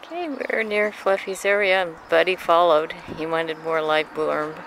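A woman's voice: fairly low pitch, moderate pace, a bit bright. A woman casually narrating while filming wildlife outdoors, chatty and cooing affectionately at the animals. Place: outdoors by a street and pasture. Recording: noisy outdoor camera audio.

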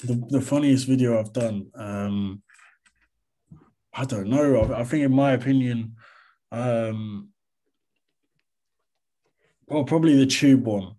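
A man's voice: medium pitch, slow, long pauses, mellow. A man, chatting casually and easily as an interview guest, dropping "mate" and "to be honest" along the way. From England. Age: 20s. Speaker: interview guest, comedy content creator.

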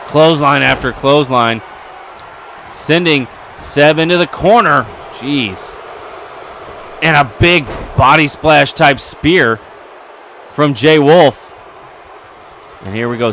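A man giving excitable play-by-play commentary over a wrestling video game, getting louder at the big moments. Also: mid-range voice, slight background noise. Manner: excitable, building to yelling at near falls.

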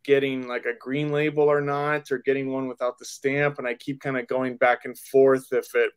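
A man's voice: mid-range voice, flat delivery, normal speed, smooth. A man in a casual chat, talking in a hesitant way, full of fillers.

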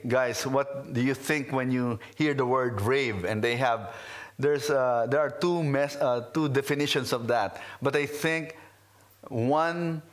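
Male pastor, non-native English speaker, mid-pitched, unhurried earnest sermon delivery with pauses. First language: not English. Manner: slow, earnest, reflective preaching with pauses. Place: in his car.

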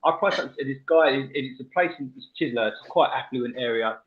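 A man hosting a casual radio show, telling stories with animated energy and frequent laughter. He stumbles and restarts as he talks. The audio is slightly muffled and lo-fi. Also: medium pitch, moderate pace, a little hiss or hum. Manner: animated storyteller, laughs often, restarts mid-sentence.

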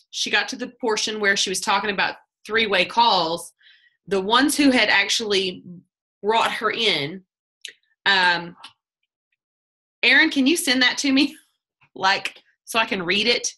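Woman, bright voice, chatty, animated storyteller, video call mic. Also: mid-range voice, unhurried, pauses often. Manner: chatty, animated, acts out quotes, laughs often. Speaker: team leader giving a sales training talk. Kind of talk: casual storytelling pep talk on a video call.

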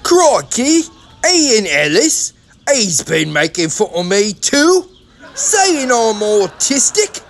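A woman plays an aggrieved comedian airing grievances, drawing her words out slowly while her pitch swings widely. Faint room noise sits behind her. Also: big pitch swings. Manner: aggrieved, complaining.

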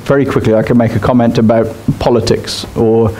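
A man's voice: mid-range voice, level tone, fairly quick, mellow, slight background noise. A man preaching a sermon in a church, speaking directly and emphatically to his congregation. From Australia. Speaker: pastor.

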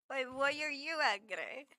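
Slow, giggly woman streamer with bright tone. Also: sits high, dry recording, studio quality. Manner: laughs constantly, stammers and repeats words; playful mock outrage with swearing. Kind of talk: casual live-stream chat with viewers.

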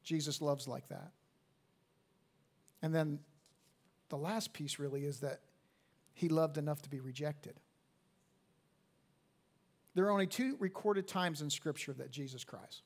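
A man in his fifties, a pastor preaching a sermon in a church, swinging from hushed to loud emphatic peaks and repeating words as he restarts. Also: on the high side, measured pace, long pauses. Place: church sanctuary at a live service.

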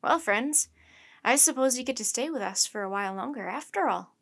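A woman's voice: fairly high pitch, expressive, a little fast, vocal fry, a bit bright, breathy edge, heavily acted. Woman doing polite young scientist man, friendly, explaining, light voice.

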